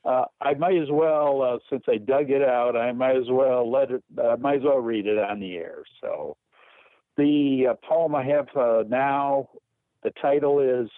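A man calling in to a talk show, reading a poem slowly and carefully. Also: mid-range voice, dry recording. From Michigan. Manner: slow, measured reading. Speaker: caller. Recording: phone line.

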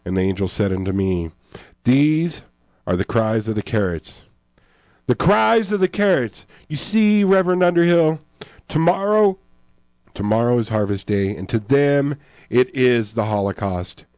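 A man voicing a theatrical fire-and-brimstone preacher telling of a vision, with a booming delivery. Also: measured pace, a little mellow, dry recording, natural voice. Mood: ranting.

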